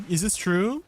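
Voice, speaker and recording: Young male streamer, casual and giggly, unhurried delivery, a bit higher pitched, light noise underneath. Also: a little mellow, no echo. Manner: giggly, chatting with viewers while gaming. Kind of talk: casual live-stream chat. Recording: faint background noise.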